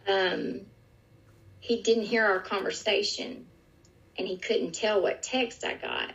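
A woman's voice: medium pitch, takes it slowly, a bit bright. A middle-aged woman recounting a personal experience in an interview, earnest and vivid, often restarting her sentences. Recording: dull lo-fi recording.

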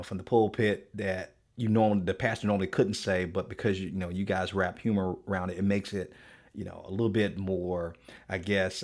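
Low-voiced male podcast host. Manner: conversational, hedging with fillers. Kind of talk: interview questions.

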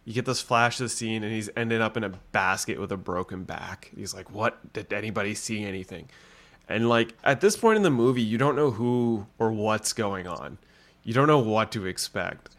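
A man with a fairly low voice talks through a movie on a casual podcast. He rambles from scene to scene with plenty of fillers, often jumping into the characters' lines as he tells it. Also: lively intonation, moderate pace, a bit bright. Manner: rambling retelling with many "like"s, acting out lines. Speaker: podcast co-host reviewing films. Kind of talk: casual chat.

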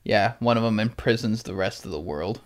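A man's voice: fairly low pitch, a little fast. A man co-hosting a casual chat, blunt and sarcastic, with profane asides. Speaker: podcast co-host.

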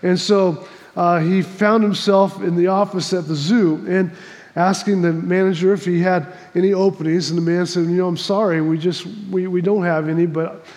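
A man's voice: high voice, fairly even intonation, normal speed, a little mellow, big-room sound. A man preaching a sermon, telling a folksy joke before reading scripture, with many restarts and repeats. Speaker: pastor.

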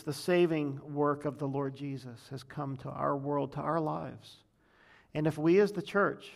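A male pastor delivering a sermon. His voice sits a little high for a man, and he drives his points home through repetition, now and then restarting a phrase. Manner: emphatic preaching with repetition.

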